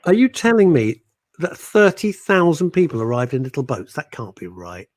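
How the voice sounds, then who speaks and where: A man's voice: fairly high pitch, very animated, normal speed. A man hosting a radio show, blunt and jokey as he reads out listener messages. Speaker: radio host. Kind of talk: casual radio chat.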